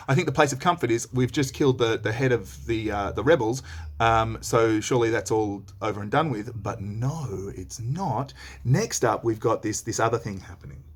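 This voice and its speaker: A man teaching a read-along lesson, reading lines aloud and explaining them in a chatty, slangy way. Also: medium pitch.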